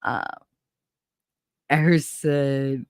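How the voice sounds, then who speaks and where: A woman's voice: extremely low pitch, steady tone, very slow, darkish tone, smooth, no echo, studio quality. A woman hosting a casual livestream, chatting and joking while reading viewer comments, her voice nasal from a stuffy nose. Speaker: host.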